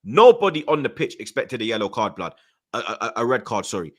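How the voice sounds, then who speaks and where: Hosting a heated football podcast, a young London man of Jamaican heritage rants in a multicultural London accent, full of heavy slang and stuttering when his anger rises. His voice is medium-pitched, very animated, and fast.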